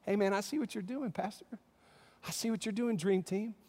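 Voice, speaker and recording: A kind, commanding Lord speaks boldly, with a high, raised voice, as a male preacher puts him on. His words ring through a church hall with a long reverb. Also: fairly quick, a little mellow. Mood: affirming. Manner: bold, proclaiming.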